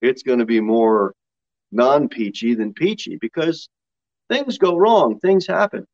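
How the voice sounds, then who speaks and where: Male pastor, lively pitch swings, folksy sermon delivery, muffled lo-fi recording. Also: measured pace. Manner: folksy, laughing asides between scripture readings.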